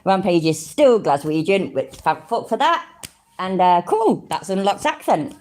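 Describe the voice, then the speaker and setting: A woman's voice: mid-range voice, sing-song, unhurried, a little mellow. A woman from Middle England, chatting casually on a live stream, easily amused and laughing often. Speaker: streamer reacting to videos and chat.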